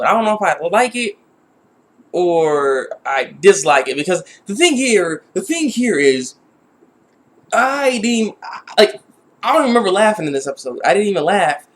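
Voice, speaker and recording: A man casually reviewing an anime episode, rambling with many restarts and sounding exasperated. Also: sits high.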